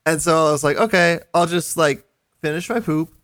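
Dry, animated man telling a story. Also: fairly high pitch, normal speed, no echo. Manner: animated, acts out the dialogue. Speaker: podcast host. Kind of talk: casual storytelling.

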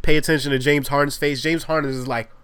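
A man's voice: on the high side, steady tone, fast, fairly bright tone, smooth, dry recording. A man co-hosting a casual sports chat, reacting to his partner with short remarks and laughter. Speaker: sports podcast co-host.

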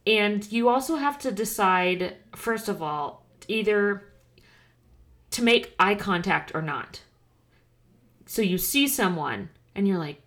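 A nasal-voiced woman with a faint lisp chats loosely into a podcast microphone. She is in her thirties and rambles along, trailing off and restarting, with a middling pitch. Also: lively intonation, measured pace, fairly bright tone. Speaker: podcast co-host. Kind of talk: casual chat. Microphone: studio microphone.

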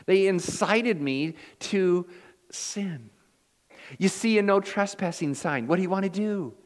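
A man with a fairly high voice preaches in a church, his words trailing off into a long hall reverb. He delivers his sermon in a folksy, storytelling way and pokes fun at himself. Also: expressive, unhurried. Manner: folksy storytelling with self-deprecating humor. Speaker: pastor.

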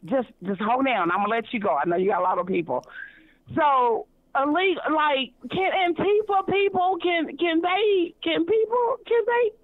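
Woman caller, high voice, gushing and rambling, tinny phone-line sound. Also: no room sound. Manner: effusive, rambling, many ums and restarts. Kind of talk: excited phone call to a talk show.

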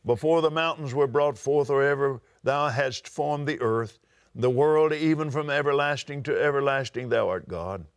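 A man's voice: mid-range voice, normal speed, vocal fry, clear, resonant tone, no echo, clean studio sound. An older man with a Southern US accent, preaching a sermon and reading scripture aloud with dramatic swings in his voice.

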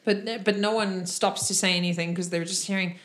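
A woman running a tabletop game as game master, narrating casually with frequent pauses and fillers. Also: fairly low pitch, fairly even intonation, a bit bright.

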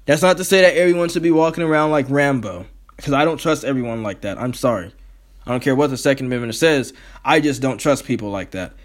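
A man's voice: mid-range voice, fast. A man hosting his own podcast, ranting in a heated, profane, rambling way. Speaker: podcast host. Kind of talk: solo podcast rant.

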